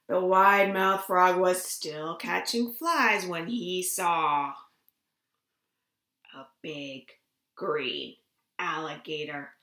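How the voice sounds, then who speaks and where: A woman librarian reading a picture book aloud to children from her home, gentle and expressive, with little gasps. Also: lowish voice, drawn-out words, pauses often. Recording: roomy home room recording.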